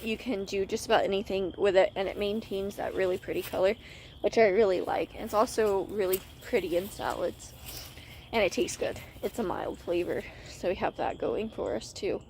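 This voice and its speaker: Woman, casual garden vlog, outdoors, slightly breathless, chatty, mid-pitched voice, faint outdoor ambience. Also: steady tone, normal speed, a little mellow, slight background noise. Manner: chatty, self-correcting, friendly. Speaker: gardening vlogger.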